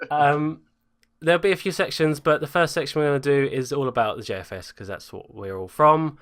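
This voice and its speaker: A man's voice: a little high, a little fast, a bit bright. A man hosting a casual group podcast over a voice call, chatty and self-mocking. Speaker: podcast host.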